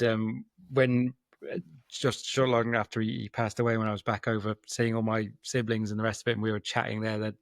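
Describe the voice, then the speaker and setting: A man's voice: medium pitch, no room sound. Male podcast host, conversational, stop-start phrasing, dry close sound. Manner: chatty, repeats words as he gathers thoughts. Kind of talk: casual interview chat.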